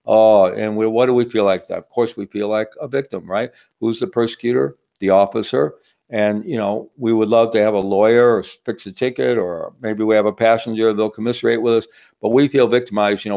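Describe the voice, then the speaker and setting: Gravelly man giving a talk. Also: on the low side, brisk, a little mellow. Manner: conversational, asks the audience with a frequent "right?". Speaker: workshop speaker. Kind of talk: teaching talk.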